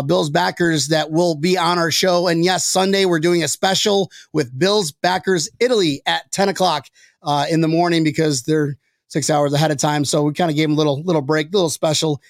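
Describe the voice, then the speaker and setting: Excitable high-voiced man hosting a podcast. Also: brisk, dry recording, studio quality. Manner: excitable, rambling, laughs often. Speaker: podcast host. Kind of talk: casual sports podcast chat.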